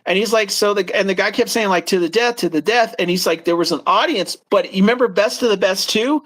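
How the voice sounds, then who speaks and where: A man with a high-pitched voice, co-hosting a casual talk show. He tells long, rambling stories and slips into the voices of the people in them. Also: fast talker, a bit bright. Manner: rambling storyteller, acts out quoted voices. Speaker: co-host. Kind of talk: casual chat.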